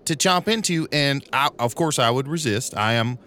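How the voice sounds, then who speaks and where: A man's voice: mid-range voice, animated, moderate pace, sharp tone. A man voicing an earnest, sentimental half-vampire in an improvised comedy audio drama. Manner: sentimental, earnest and a bit pompous.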